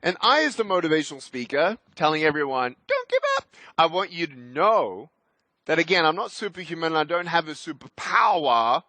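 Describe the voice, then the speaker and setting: High, bright, energetic motivational speaker man. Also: fairly quick, no room sound. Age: 30s. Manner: energetic, emphatic, swings into loud bursts. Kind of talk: keynote speech.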